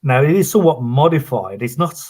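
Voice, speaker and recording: A man from England with a Birmingham accent smoothed toward southern English, talking casually as a guest with hesitant restarts. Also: medium pitch, expressive, fairly quick, a little mellow. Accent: Birmingham accent softened toward southern English. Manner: hesitant, many restarts, self-deprecating. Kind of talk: casual conversation.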